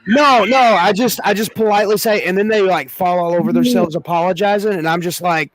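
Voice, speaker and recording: A man's voice: high voice, fairly quick, hardly any pauses. A man casually chatting on a video call, rambling with many restarts and acting out little scenes. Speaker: podcast co-host. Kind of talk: casual chat.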